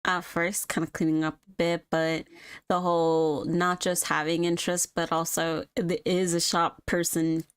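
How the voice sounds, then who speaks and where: A woman's voice: lowish voice, little pitch movement, moderate pace, smooth, no room sound, studio quality. A woman chatting and narrating scenes in a casual improv roleplay, talking with many filler words.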